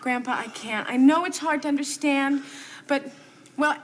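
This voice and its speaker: A woman playing a high, wry pregnant young woman. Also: natural voice. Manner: wry, quick and sardonic. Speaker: soap opera character. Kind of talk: 1970s TV soap opera acting.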